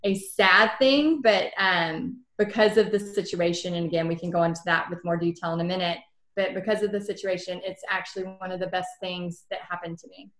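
A woman's voice: lowish voice, fairly quick. Cheerful woman guest in a roomy space. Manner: cheerful, animated storyteller with frequent fillers. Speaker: guest, small business owner. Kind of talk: conversational interview. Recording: roomy echo.

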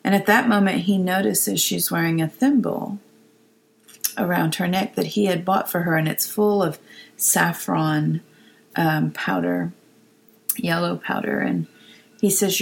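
A woman leads a quiet devotional teaching, reading psalm verses at an unhurried pace. Her voice carries a gravelly, creaky texture, and she lets key phrases fall to a near whisper. The delivery stays soft and reflective. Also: fairly low pitch, rough recording. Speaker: Bible teacher.

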